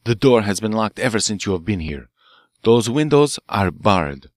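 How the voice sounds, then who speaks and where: A man reading an audiobook, voicing an excitable, vengeful French professor with a French accent who shouts menacingly. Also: fairly low pitch, moderate pace, no echo, clean studio sound, natural voice.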